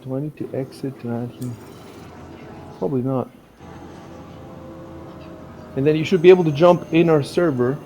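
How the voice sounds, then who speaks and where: Rambling, halting male stream host. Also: medium pitch, steady tone, mellow, slight background noise. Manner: rambling, halting, frequent restarts. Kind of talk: casual chat.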